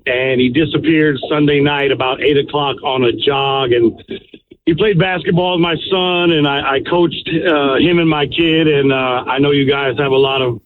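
A man's voice: medium pitch, fairly even intonation, moderate pace, a little hiss or hum. A man calling in to a radio show, earnest and worried, often saying "man.". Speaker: caller. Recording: tinny phone line.

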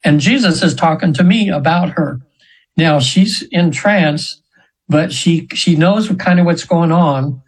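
A man in his seventies, a hypnosis practitioner, telling stories in a chatty, rambling way with laughs and quick high voices for the people he quotes. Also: low-quality recording. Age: 70s. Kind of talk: storytelling in an interview.

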